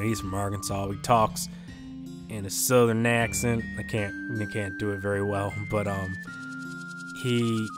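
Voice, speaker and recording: A young man speaking an in-character role-play monologue for a gaming channel, halting and hesitant with many fillers. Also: fairly low pitch. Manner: halting, hesitant, full of "you know". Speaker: gaming YouTuber. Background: background music.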